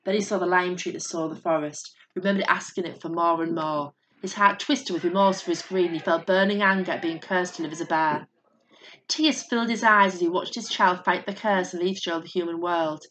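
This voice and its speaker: A woman with a lowish voice narrates a fairy tale. Her delivery is steady and measured, like a storyteller reading aloud.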